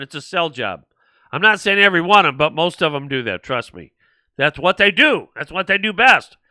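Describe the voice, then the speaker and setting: A man's voice: on the high side, pushed and bright, dry recording. An older man hosting a political talk show, blunt and rambling, mocking the people he talks about. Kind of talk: political commentary.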